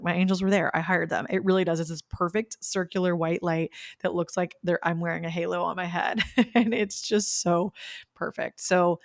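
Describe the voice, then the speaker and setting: A bubbly young woman hosts her own podcast and tells a personal story in an easy, chatty way. Her voice sits fairly low for a woman. She gushes and laughs often, and her voice reaches the microphone dry and close. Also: no room sound. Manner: bubbly and gushing, with bursts of laughter. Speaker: podcast host. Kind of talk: casual solo storytelling.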